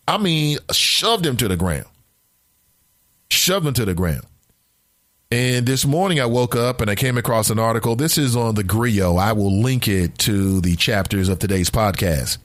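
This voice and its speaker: A man's voice: mid-range voice, a bit bright, dry recording, clean studio sound. A man hosting a talk podcast, delivering an emphatic, opinionated monologue and repeating lines for effect. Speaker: podcast host.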